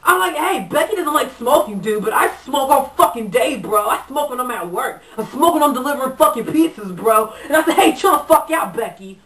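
A woman's voice: high voice, lively intonation, brisk, hardly any pauses, fairly bright tone. A woman doing a stoned surfer dude. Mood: stoned, rambling. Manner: laid-back, profane, full of dude and bro. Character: stoner surfer dude, young man, pizza delivery guy. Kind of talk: comedic character monologue. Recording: echoey room, voice far from mic.

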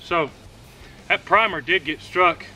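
A man's voice: high voice, slow pace, faint music behind. A man hosting a casual outdoor shooting vlog, talking through his shots at a range. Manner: relaxed running commentary between shots. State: out of breath at times. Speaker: host of a shooting channel.

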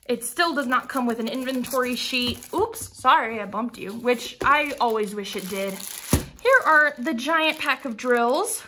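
A woman's voice: a little high, a little slow, background noise. A young woman vlogging a craft unboxing, frustrated, sighing and rambling with restarts. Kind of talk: casual unboxing vlog.

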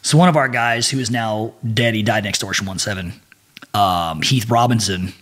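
A man in his forties, a podcast guest, telling a profane, animated story with frequent laughter. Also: on the low side, normal speed. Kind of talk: casual storytelling.

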